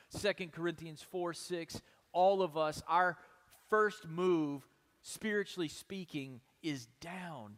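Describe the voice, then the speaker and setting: Male pastor preaching, pretty high voice, lots of rhetorical questions, goes quiet then loud, long church echo. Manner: emphatic preaching, many rhetorical questions, shifts between soft and loud. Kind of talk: sermon.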